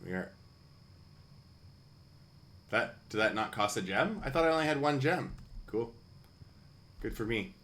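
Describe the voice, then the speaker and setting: Bright-voiced chatty male streamer. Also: fairly low pitch, lively intonation, unhurried, pauses often. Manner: chatty, thinking aloud, wry asides. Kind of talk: casual live-stream game commentary.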